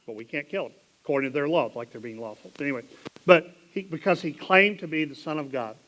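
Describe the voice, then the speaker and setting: A man with a Southern American accent preaching a sermon in a church, reading scripture dramatically and dropping into quiet asides. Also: on the high side, fast, poor audio. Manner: animated, dramatic Bible reading with sudden drops to hushed asides. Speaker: pastor. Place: church sanctuary.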